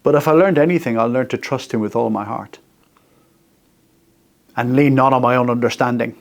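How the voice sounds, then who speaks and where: A man's voice: medium pitch, moderate pace, vocal fry. A man in his sixties hosting a radio faith talk, earnest and personal, speaking in short repeated phrases. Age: 60s. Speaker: radio host. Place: radio studio.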